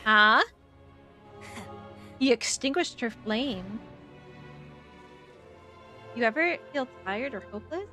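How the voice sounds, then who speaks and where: Chatty woman streamer, higher voice. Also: takes it slowly, pauses often, soft background music. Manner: chatty, excitable, laughs often. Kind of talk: casual gameplay commentary.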